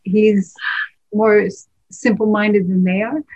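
A woman joins a Bible conversation with questions and animated remarks. Her voice comes through dull and lo-fi, with a dry sound and no room echo. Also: medium pitch, slow. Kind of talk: casual Bible discussion.

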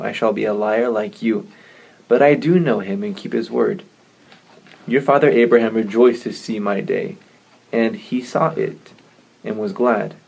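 A man in a Bible study who reads scripture aloud in a measured, solemn way. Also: lowish voice, vocal fry, darkish tone, breathy edge, rough recording.

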